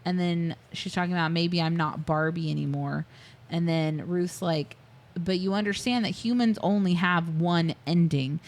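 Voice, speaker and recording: A woman with a slightly low voice retells a film on a casual podcast. She piles up scene details, drops into quoted lines, and laughs easily between them. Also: normal speed. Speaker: podcast co-host. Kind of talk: casual movie recap chat.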